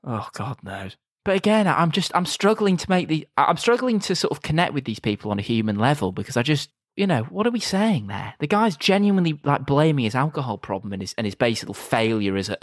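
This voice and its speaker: A man's voice: medium pitch, sing-song, a little fast, no room sound. Dry-humoured man reviewing a film. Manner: dry, acts out scenes in silly voices. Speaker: podcast co-host. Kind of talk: casual film review chat.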